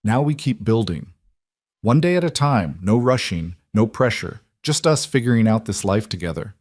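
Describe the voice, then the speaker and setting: Brief: a tender, steady businesswoman from a storybook, voiced by a low-voiced man. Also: normal speed, dry recording, studio quality. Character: caring young adult businesswoman, gentle and steady. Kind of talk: storybook reading.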